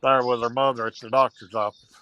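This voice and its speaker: A man's voice: medium pitch, flat delivery, fast, bright, forceful tone, a little hiss or hum. A man chatting casually on a livestream, teasing the others in a friendly way. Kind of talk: casual chat.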